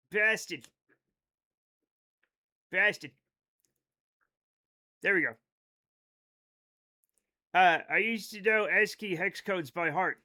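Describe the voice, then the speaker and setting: Streaming a game live, a thirty-something man from the United States chats casually, cracking jokes and reading messages from chat out loud. He has a high voice that sounds pushed and bright.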